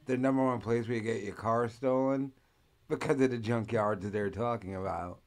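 Man, mid-pitched voice, blunt crude podcast banter, offhand jokes. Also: moderate pace, darkish tone. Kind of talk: casual chat.

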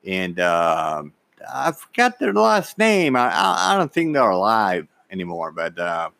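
A man telling a personal story in a halting way, often repeating words and acting out what people said. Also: lowish voice, wildly swooping pitch, vocal fry, a bit bright, no echo. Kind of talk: personal anecdote, casual monologue.

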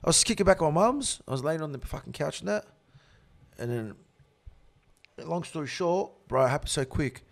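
Gravelly-voiced, foul-mouthed Australian man. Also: a little high, animated, moderate pace, pauses often. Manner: profane, swears constantly; gets loud and laughs while telling. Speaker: interview guest. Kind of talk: casual storytelling.

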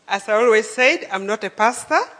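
A woman from northern Uganda giving a talk in short, sincere phrases, pausing for an interpreter. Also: fairly high pitch, lively intonation, a bit bright. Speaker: guest speaker. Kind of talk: speech with live interpreter. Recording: reverberant hall.

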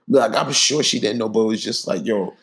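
A man's voice: fairly low pitch, moderate pace, fairly bright tone, slightly rough. A young man in casual chat, laid-back and slangy, laughing often.

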